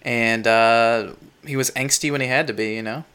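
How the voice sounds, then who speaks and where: A man's voice: mid-range voice, steady tone, normal speed, bright, forceful tone, clear, resonant tone. A man co-hosting a podcast in easygoing casual chat, laughing often and restarting sentences. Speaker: podcast co-host.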